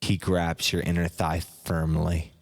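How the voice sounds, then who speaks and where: A man narrates a mock sleep hypnosis in a soft, hypnotic second-person voice. His voice sits very low and moves at an unhurried crawl. A long hall reverb trails every phrase. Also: flat delivery, gravelly.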